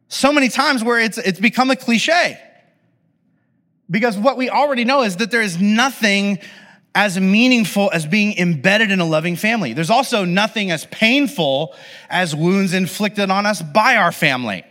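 A man preaching a conversational, animated sermon with casual asides to his listeners. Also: high-pitched, normal speed. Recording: long hall reverb.

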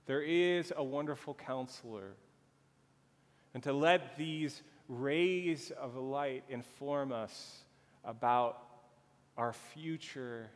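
A man pastor preaching a sermon slowly and earnestly, drawing out his phrases. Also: mid-range voice. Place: church sanctuary. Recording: long reverb of a church hall.

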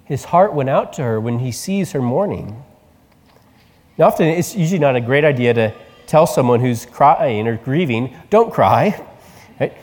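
A male pastor delivering a sermon in a conversational, animated storytelling manner. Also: medium pitch, long reverb tail. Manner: conversational preaching, animated retelling.

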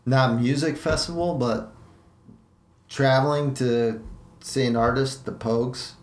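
A man hosting a podcast, telling stories in a relaxed, casual way with easy swearing and frequent laughs. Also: medium pitch, measured pace. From Utah. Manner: laid-back storytelling, swears casually, laughs often. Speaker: podcast host. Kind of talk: casual chat. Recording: echoey room, faint ambience.

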